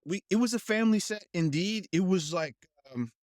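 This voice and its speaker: A man's voice: sits high, normal speed, no echo, studio quality. A man who is a guest actor, telling a story in casual chat and animatedly acting out the voices he quotes. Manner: animated, acts out quoted voices, laughs often.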